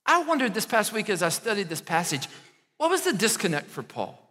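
A man preaching a sermon in a church, animated and conversational, often checking in with the congregation. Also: high-pitched, brisk, long reverb tail. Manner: animated preaching with frequent "right?" asides. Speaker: pastor.

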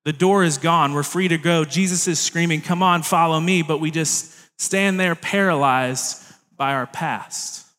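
A man's voice: on the high side, measured pace, fairly bright tone. Young male preacher in a reverberant hall. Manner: conversational, jokey asides to the congregation. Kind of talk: sermon.

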